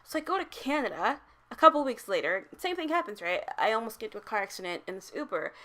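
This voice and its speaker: A young adult woman vlogging in a casual, chatty way, laughing often and growing animated in stories. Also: fairly high pitch, fast talker. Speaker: travel vlogger. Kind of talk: casual chat.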